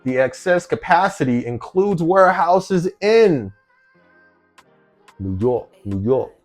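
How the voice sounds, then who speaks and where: A man's voice: fairly high pitch, big pitch swings, slow pace, faint music behind. A man from New Jersey talking casually to camera, reading out a news article and reacting to it with rhetorical questions and frequent laughs. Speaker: vlogger.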